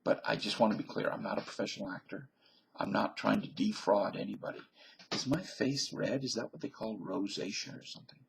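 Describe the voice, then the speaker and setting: A man's voice: lowish voice, a little fast, noisy background. A man from Virginia in a rambling comic monologue to camera. He keeps making claims, then says he was just kidding. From Virginia, USA. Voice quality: very gravelly, husky voice that often drops to a breathy near-whisper. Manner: jokey, contradicts himself and then says he is kidding. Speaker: vlogger.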